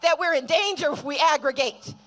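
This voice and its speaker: A woman's voice: high-pitched, a little fast. A woman delivering a rousing outdoor rally speech, leading the crowd in call-and-response chants. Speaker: rally speaker.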